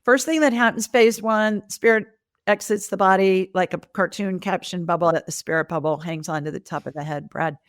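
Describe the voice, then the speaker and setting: An older woman guest on a podcast, telling animated stories and acting out the voices of the people she quotes. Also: mid-range voice, moderate pace, no echo. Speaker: podcast guest, medical intuitive. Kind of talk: conversational storytelling interview.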